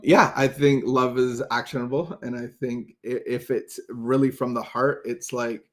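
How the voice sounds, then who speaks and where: A man's voice: medium pitch, fairly even intonation, fairly bright tone. A man co-hosting a recovery podcast, talking earnestly in a casual chat with many false starts. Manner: earnest, halting, many restarts. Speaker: podcast co-host.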